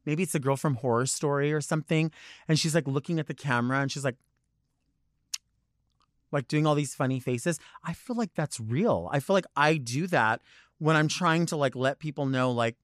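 A man, a drag performer, chatting casually on a podcast. He tells animated stories, acts out quotes and swears freely. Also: on the high side, moderate pace, no room sound, studio quality.

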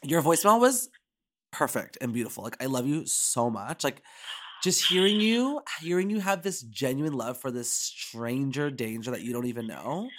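A woman's voice: very deep voice, expressive, normal speed. A podcast host who chats animatedly, gushing and filling her talk with "like". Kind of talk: casual chat.

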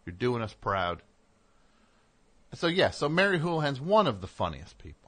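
A man's voice: medium pitch, very animated, moderate pace, fairly bright tone. A middle-aged man hosting a radio show, talking in a digressive, self-interrupting monologue with sarcastic asides. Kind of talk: rambling on-air monologue.

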